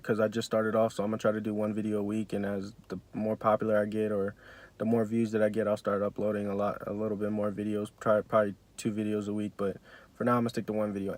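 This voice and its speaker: A man's voice: on the low side, a little mellow, no echo. A young man vlogging about his life, telling a heartfelt personal story with many fillers and restarts.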